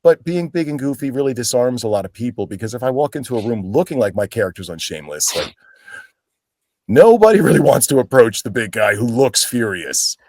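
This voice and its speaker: A man's voice: medium pitch, very animated, brisk, darkish tone, dry recording, studio quality. A man from Pennsylvania, an actor as a guest, telling stories in a casual interview and acting out quoted lines in voices.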